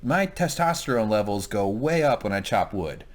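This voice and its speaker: A man's voice: lowish voice, animated, moderate pace. A man co-hosting a TV review chat, cracking jokes, swearing freely and telling stories with animation. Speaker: co-host of a TV review show. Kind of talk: casual recap chat.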